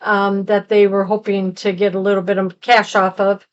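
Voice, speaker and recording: A woman's voice: medium pitch, level tone, moderate pace, clean tone, highs cut off. Rambling woman recapping a film. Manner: rambling plot recap with fillers. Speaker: podcast co-host. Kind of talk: casual movie review chat.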